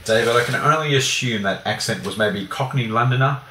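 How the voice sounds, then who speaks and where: A man from Australia with an Australian accent, a guest analyst giving a brisk conversational explanation with frequent fillers. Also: mid-range voice, pushed and bright, echoey room, distant mic, a little hiss or hum, rough recording.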